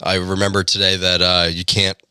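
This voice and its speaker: A man's voice: deep voice, monotone, brisk, bright, forceful tone, smooth, dry recording. A hungover man co-hosting a podcast, laughing a lot and joking sarcastically with plenty of swearing. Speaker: podcast co-host. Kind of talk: casual chat.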